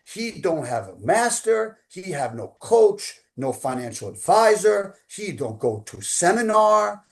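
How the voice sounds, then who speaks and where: A man's voice: high voice, very animated, a little slow, vocal fry, voice pushed up, exaggerated voice. A man voicing an older Korean martial arts grandmaster with a Korean accent, lecturing bluntly in broken English. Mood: stern.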